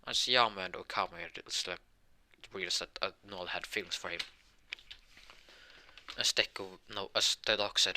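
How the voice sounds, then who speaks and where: A man improvising a fan-fiction story aloud, rambling and halting with many restarts and filler words. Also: sits low, bright, forceful tone, slight background noise.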